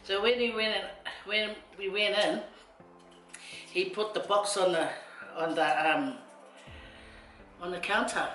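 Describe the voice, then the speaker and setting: A woman's voice: mid-range voice, fairly even intonation, unhurried, pauses often, a bit bright. A middle-aged woman from Samoa telling a rambling story with laughing asides while she cooks. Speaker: vlogger. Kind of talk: casual storytelling while cooking. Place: home kitchen. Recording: echoey kitchen with faint music.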